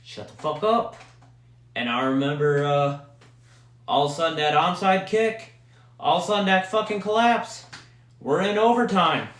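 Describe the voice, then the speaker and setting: A young man hosting a podcast, ranting casually and profanely as an excitable sports fan. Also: on the high side, moderate pace, echoey room. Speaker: podcast host. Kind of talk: casual solo rant.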